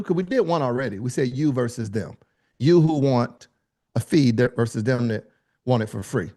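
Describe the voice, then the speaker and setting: A man's voice: big pitch swings, normal speed, a little mellow. Hyped up guy running an online speaking class, talks real casual, keeps calling on folks by name. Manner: high-energy, calls on attendees by name, call-and-response; casual colloquial delivery. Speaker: speaking coach. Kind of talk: live online workshop teaching.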